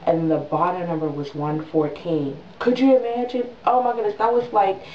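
A young woman in her twenties telling a story in a casual vlog, animated and dramatic, with quick voiced asides. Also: on the low side, a little hiss or hum. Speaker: new mother vlogger. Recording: distant mic in an echoey room, dull sound.

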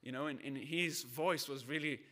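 A man's voice: mid-range voice, normal speed, bright, forceful tone. A man from Brazil, a pastor, preaching a sermon in a conversational, storytelling way. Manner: conversational, storytelling with acted voices.

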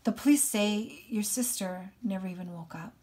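A weary father from a novel who speaks quietly and without much inflection, as a woman reads his lines aloud. He sounds subdued and worn down. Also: mid-range voice, moderate pace, slightly rough, lightly acted.

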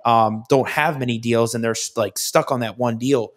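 A man's voice: mid-range voice, steady tone, moderate pace. A man hosting a casual interview, affirming his guest and asking follow-up questions. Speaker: podcast host.

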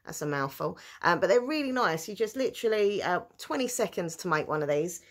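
A woman chatting casually through a shopping haul, giggling and breaking into excited cheers. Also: lowish voice, a little fast. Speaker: vlogger.

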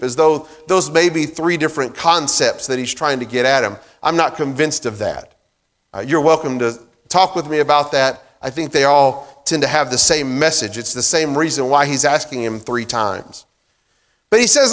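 Man, pastor, conversational sermon, fillers and restarts, slightly high voice, long church reverb. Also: normal speed, a bit bright. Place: church sanctuary.

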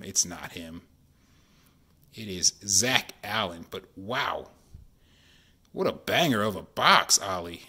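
A man, chatting excitedly while opening sports card packs at home and keeping his voice down. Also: fairly low pitch, a little slow, pauses often, husky. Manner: excited, chatty, says y'all often; keeping voice down while kid sleeps. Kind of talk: casual card-opening vlog. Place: home, at night.

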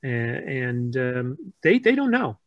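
A man's voice: mid-range voice, sing-song, slow, no room sound, dull audio. An American man co-hosting a casual podcast chat, laughing easily and restarting his sentences. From United States. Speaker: podcast co-host.

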